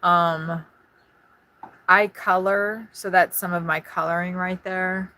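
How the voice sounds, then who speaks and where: A woman live-streaming from inside her RV on a phone propped on a tripod, chatting quickly and jumping from one thing to the next. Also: lowish voice. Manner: fast, scattered, excitable chatter. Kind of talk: casual live-stream chat. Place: inside an RV at a campground.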